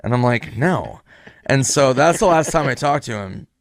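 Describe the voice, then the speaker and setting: A man's voice: mid-range voice, lively intonation, normal speed, no room sound, clean studio sound. A comedian in his thirties telling a loose, profane anecdote in casual chat. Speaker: stand-up comedian. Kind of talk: casual storytelling on a podcast.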